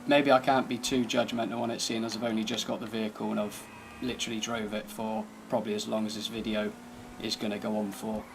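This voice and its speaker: A man's voice: fairly low pitch, flat delivery, quick pace, vocal fry, hardly any pauses, noisy background. A man giving casual, laid-back commentary over gameplay, thinking aloud as he drives and tests a car. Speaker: gaming channel host.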